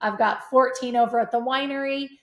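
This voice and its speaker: A middle-aged woman telling stories as a podcast guest, energetic and animated. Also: on the high side, a little fast. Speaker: podcast guest, real estate investor. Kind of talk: casual conversation. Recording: roomy echo.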